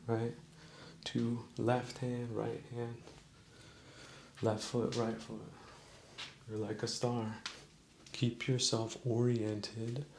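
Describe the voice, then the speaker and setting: A man hosting a podcast, musing in a slow, preachy mock-sermon monologue with a gravelly voice. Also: medium pitch, a little mellow, slight background noise. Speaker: podcast host. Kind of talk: rambling comedic monologue.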